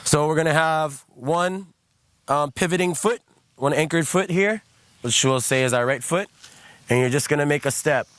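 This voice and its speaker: A man leading a guided movement class, calmly coaching steps, counting aloud and leading rhythmic chants. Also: fairly high pitch, normal speed, dry recording.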